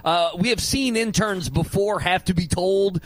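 A man's voice: high-pitched, moderate pace, dry recording. A man who is a regular on a radio show, teasing his co-hosts and telling rambling office stories. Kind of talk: casual banter. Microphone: talking into a studio mic without headphones.

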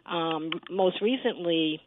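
A woman's voice: on the low side, slow, a little hiss or hum. A woman in her fifties with a Boston accent, calling in to a radio show, earnest and hesitant with many ums. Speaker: caller. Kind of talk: phone-in conversation. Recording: tinny phone line.

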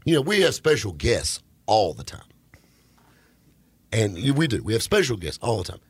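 A man hosts a car talk radio show from the studio, joking and bantering with his guests. His voice sits low and a little husky, with a lively, bouncing pitch. The dry, close studio sound keeps him right up front. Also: normal speed, dry recording. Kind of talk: casual studio radio chat.

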